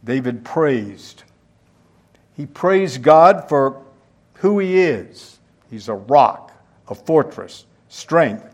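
A man preaching a sermon, teaching verse by verse and putting questions to his listeners. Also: on the high side. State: out of breath.

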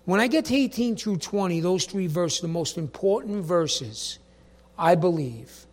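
A man delivering a sermon in a very high voice. He talks straight to his congregation, calling on members by name. He drops to quiet asides, then rises to loud, emphatic bursts. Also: animated, measured pace. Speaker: pastor.

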